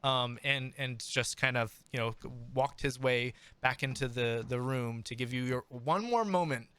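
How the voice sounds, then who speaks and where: A man's voice: mid-range voice, pushed and bright, smooth. A man in his thirties running a tabletop game as game master, talking casually and rambling, often stopping to restart his sentences. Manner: rambling, halting, self-interrupting.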